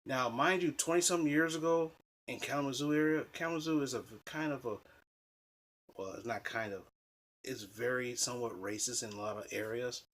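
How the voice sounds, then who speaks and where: A man telling personal dating stories in a casual, animated, rambling way, swearing freely and restarting sentences. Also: medium pitch, fairly quick. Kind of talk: casual storytelling.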